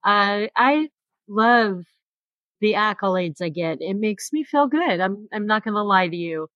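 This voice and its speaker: A woman's voice: medium pitch, expressive, measured pace, a bit bright, no echo, dull audio. A woman who hosts a podcast, speaking frankly and with exasperated rhetorical questions in a roundtable discussion. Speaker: podcast host.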